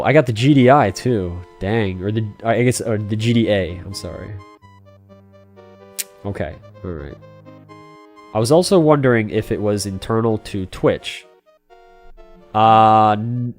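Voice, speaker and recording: A rambling, chatty man with a somewhat low voice, talking casually to his live-stream viewers while he plays. Faint music sits behind him. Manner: chatty, rambling, talks to chat by name, many fillers and restarts. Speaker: game streamer.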